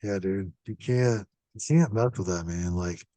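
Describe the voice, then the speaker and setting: A man in a casual horror podcast chat, telling lively stories and swearing freely. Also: sits low, measured pace, no echo. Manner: animated storyteller, swears casually.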